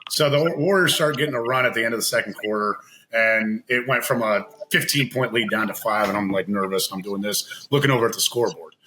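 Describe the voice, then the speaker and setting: A man telling a long personal story in casual chat as a podcast guest, animated and laughing, acting out what others said. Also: fairly low pitch, fairly quick, slight background noise, low-quality recording. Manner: animated, laughing, acts out quoted voices.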